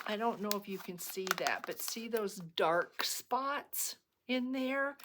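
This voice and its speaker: A woman's voice: medium pitch, background noise. A middle-aged woman hosting a casual craft tutorial, chatty and rambling, with frequent ums and restarts as she works. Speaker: crafting video host.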